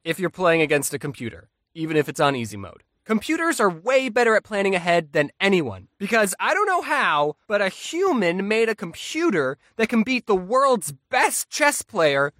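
A man narrating a comedic story with a bright, crisp tone and a lively, bouncing pitch. His delivery is deadpan and self-deprecating, recorded dry and close with no room sound. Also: moderate pace, hardly any pauses, no echo. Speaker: animated storyteller.

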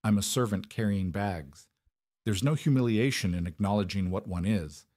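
A man voicing a humbled former aristocrat turned servant, quiet and heavy but commanding when needed. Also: fairly low pitch, normal speed, no room sound, studio quality, close to an everyday voice. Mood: subdued.

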